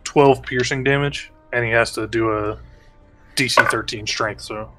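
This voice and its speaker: A man playing in a casual tabletop game with a mid-pitched voice. He talks casually, swearing now and then, as he calls out his moves. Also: fairly even intonation, normal speed. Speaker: player.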